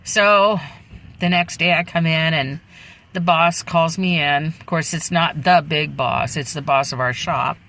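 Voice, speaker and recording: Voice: mid-range voice, fairly even intonation, unhurried, sharp tone, low-quality recording. A person telling their own life story in a casual, candid and rambling way, with frequent asides. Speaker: memoir storyteller.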